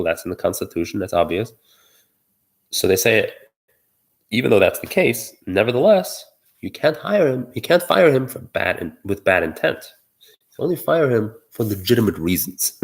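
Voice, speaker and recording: Deep-voiced guy doing a solo commentary rant, lots of ums and restarts. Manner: argumentative, thinking aloud with many fillers and restarts. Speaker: political commentator.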